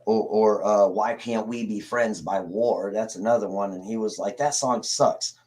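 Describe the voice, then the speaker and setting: A man's voice: fairly low pitch, moderate pace, a little mellow. A man hosting a casual livestream, rambling and swearing as he greets viewers in the chat. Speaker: livestream host.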